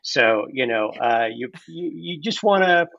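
A man's voice: a little high, measured pace, gravelly, muffled recording, crowd noise. A man on a casual podcast who tells stories with energy and acts out both sides of the conversation in different voices. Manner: animated storyteller, acts out both sides of dialogue. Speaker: guest designer. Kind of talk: casual storytelling.

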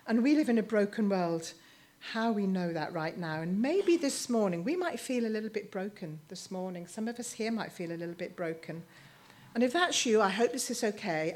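A woman, sharing a personal story in a sermon, halting and emotional, with many restarts. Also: lowish voice. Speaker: speaker at church.

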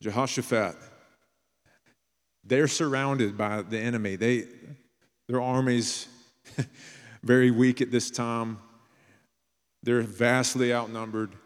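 A man preaching a sermon as a pastor, earnest and plain-spoken, sometimes dropping to a hushed storytelling tone. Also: medium pitch, steady tone, slow, pauses often, smooth. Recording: long reverb of a large hall.

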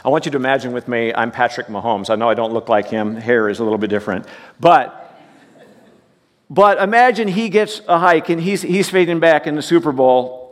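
A man's voice: medium pitch, animated, brisk. A male pastor preaches in a folksy, joking way, telling stories to his congregation. His mid-range voice carries through a big church hall with a long reverb. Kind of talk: sermon.

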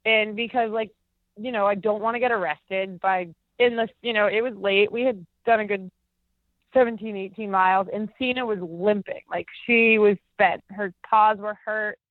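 A woman's voice: mid-range voice, fairly even intonation, moderate pace, no room sound. A young woman telling a story in a casual phone interview, rambling and filler-heavy, using lots of "like". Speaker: interview guest. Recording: tinny dry phone line.

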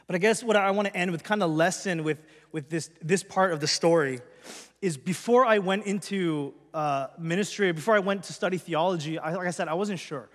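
A man's voice: high-pitched, brisk. A male pastor telling his personal testimony to a congregation in an earnest, conversational way. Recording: long hall reverb.

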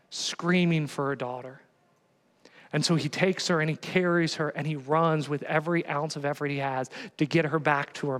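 A man preaching a sermon in a conversational, animated way, often asking the congregation rhetorical questions. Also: on the high side, in a large hall. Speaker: pastor.

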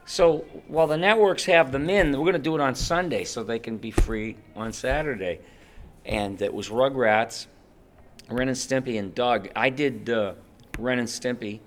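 A man, a voice actor, telling stories in an interview in an animated way, slipping into voices as he talks. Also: medium pitch, normal speed, slight background noise. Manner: animated, acts out voices and screams. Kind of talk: interview storytelling.

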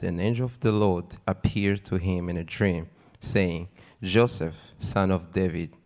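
A man reading a Bible passage aloud before a sermon in a steady, formal tone. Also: low voice. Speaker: scripture reader. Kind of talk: scripture reading.

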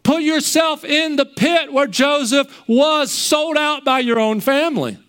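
A man's voice: extremely high pitch, measured pace, fairly bright tone. A male preacher giving a sermon, with rhetorical questions and vivid retelling.

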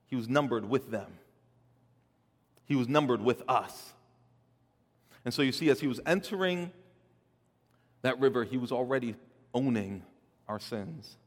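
A man's voice: mid-range voice, lively intonation, unhurried, pauses often. Male preacher, sermon delivery, rises and falls in volume, long hall reverb. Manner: dynamic delivery, swelling loud then dropping soft, with repeated words. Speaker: pastor.

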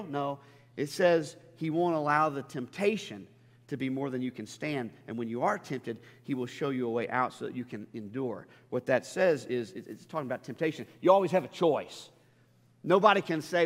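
A man's voice: mid-range voice, moderate pace. A male pastor preaching a sermon in a church, talking conversationally and building to emphatic peaks. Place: church sanctuary. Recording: long hall reverb.

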